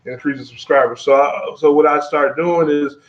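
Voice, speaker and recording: A man, chatting in a relaxed, rambling way full of fillers and restarts. His voice sits a bit high for a man, and the live-stream audio sounds dull and lo-fi. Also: a little fast. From Texas. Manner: laid-back, many fillers and restarts, reads viewer comments aloud. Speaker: travel vlogger host. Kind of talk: casual live-stream chat.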